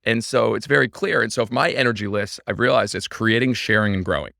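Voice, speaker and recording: A man being interviewed on a podcast, telling his story in an eager, energetic way. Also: on the low side, fast, gravelly, no echo, clean studio sound. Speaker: podcast guest, baseball team owner. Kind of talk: casual interview chat.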